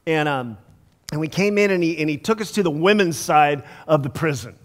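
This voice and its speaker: A male pastor giving a conversational storytelling sermon, laughing often and dropping soft for emphasis. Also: a little high, animated, brisk. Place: church sanctuary. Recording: long church hall reverb.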